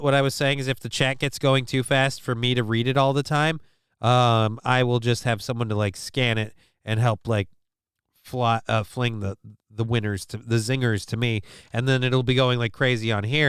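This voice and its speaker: A man's voice: medium pitch, fairly bright tone, smooth, no echo, clean studio sound. A man hosting a live stream, reading news and chat comments aloud with crude jokes. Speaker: show host.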